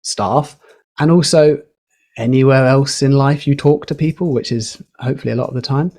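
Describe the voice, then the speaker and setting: A man on a podcast, explaining communication skills in a lively, teacherly way with a few fillers. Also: mid-range voice, moderate pace, vocal fry. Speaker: podcast guest, communication educator. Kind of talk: explaining, casual podcast chat.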